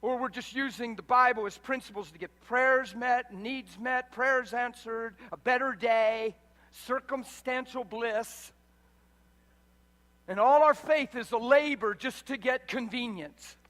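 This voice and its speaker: Excitable guy preaching, super high voice, big echoey hall, keeps cracking up laughing. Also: measured pace. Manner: exuberant, laughing often, emphatic. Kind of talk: sermon. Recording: reverberant hall.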